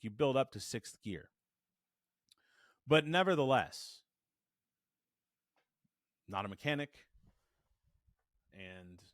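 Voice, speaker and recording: Animated male voice coach, dry close mic. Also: medium pitch, no echo. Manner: animated, demonstrative, shifts resonance to show it. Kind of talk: spoken voice lesson to camera. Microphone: studio microphone.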